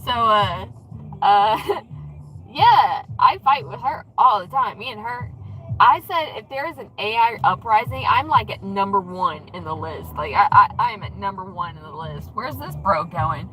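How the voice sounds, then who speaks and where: A woman's voice: mid-range voice, animated, normal speed, bright, forceful tone, soft background music, low-quality recording. A woman livestreaming casually while driving, chatty, swearing freely and acting out what others said. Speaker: vlogger. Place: in a car in traffic. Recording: faint road noise and rattles.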